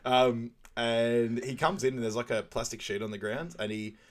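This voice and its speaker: A man's voice: mid-range voice, steady tone, moderate pace. A man co-hosting a casual movie recap podcast, laughing often and acting out lines from scenes. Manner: laughs often, acts out quotes in raised voices. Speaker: podcast co-host.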